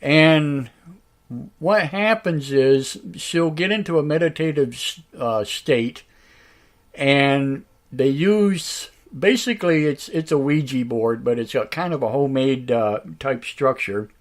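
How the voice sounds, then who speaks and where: Raspy guy hosting his live show, slow and halting, lots of uhs, mid pitch. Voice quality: raspy tonight. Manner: halting, full of "uh" fillers and restarts; slow, drawn-out talk. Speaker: radio show host. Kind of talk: casual live-stream talk.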